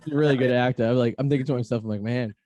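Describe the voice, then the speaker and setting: A man's voice: mid-range voice, very fast, background noise. A man from Revere, Massachusetts, hosting a podcast in a rambling, conversational way. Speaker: podcast host. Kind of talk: casual podcast chat.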